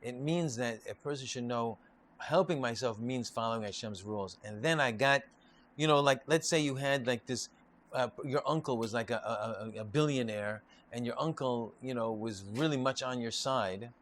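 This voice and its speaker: A man's voice: mid-range voice, normal speed, slight background noise. A man, a rabbi, giving an informal Torah class, telling stories and repeating and restarting his phrases. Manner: repetitive, restarts often, lively storytelling.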